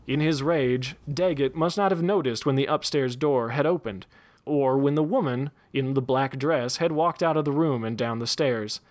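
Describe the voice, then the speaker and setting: A man reading a western story aloud in a relaxed storytelling manner. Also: medium pitch, normal speed.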